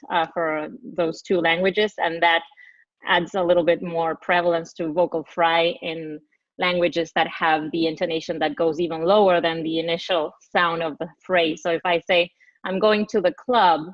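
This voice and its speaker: A woman from Argentina answers as a speech therapist, taking her time to explain and demonstrating the sounds she describes. Her voice sits somewhat low. The audio is dry and dull, like a video call. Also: level tone, normal speed, no echo. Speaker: speech-language pathologist. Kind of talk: panel answer.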